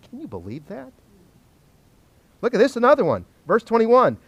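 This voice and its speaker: A man teaching a Bible study, animated and joking, asking the class questions. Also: extremely high pitch, moderate pace, long pauses, slightly rough, no echo, muffled recording.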